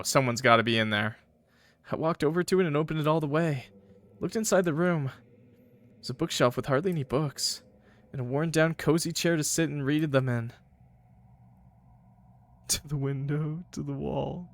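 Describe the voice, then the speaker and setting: A man streaming a game, reading its text aloud in first person and breaking off for joking asides to his chat. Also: fairly high pitch. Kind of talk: reading a game's text aloud with live commentary.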